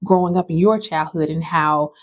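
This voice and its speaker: A woman hosting an interview, asking gentle, affirming questions. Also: low voice, moderate pace, highs cut off. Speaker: host.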